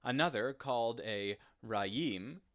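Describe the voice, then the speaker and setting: A man reading a story aloud in a slow, deliberate, gentle telling. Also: medium pitch, expressive. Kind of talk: read-aloud story narration.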